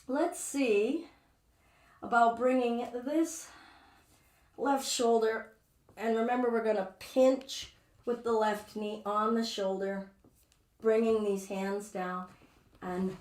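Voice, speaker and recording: A woman's voice: fairly high pitch, steady tone, slow, pauses often. A woman teaching a live yoga class, chatty and playful as she talks through her own movements. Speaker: yoga instructor. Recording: echoey room, distant mic.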